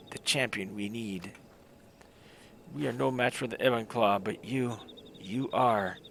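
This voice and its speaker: A man's voice: medium pitch, a bit bright, a little hiss or hum. A man voicing a wounded, mysterious young woman who speaks faintly and hesitantly.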